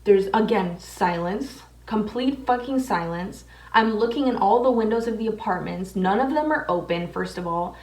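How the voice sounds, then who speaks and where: A young makeup vlogger chats while doing her makeup, telling casual stories laced with heavy swearing and lots of fillers. Her medium-pitched, slightly mellow voice moves at a moderate pace with few pauses, sounding far from the mic in an echoey, roomy space.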